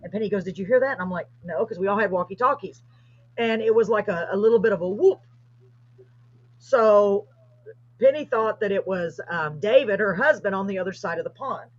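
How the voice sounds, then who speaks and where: Husky woman telling a story. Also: mid-range voice, brisk. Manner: animated, excited retelling. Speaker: host. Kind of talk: casual storytelling. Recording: dull lo-fi livestream audio.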